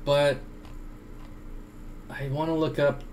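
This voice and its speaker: A man's voice: on the high side, level tone, slow, a little mellow, a little hiss or hum. A man hosting a casual livestream Q&A from home, rambling with many fillers as he reads and answers chat at his computer through a desk microphone.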